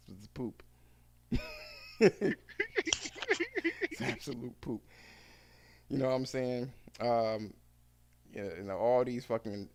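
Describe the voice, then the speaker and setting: Profane, rambling man podcast host. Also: on the low side. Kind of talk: casual chat.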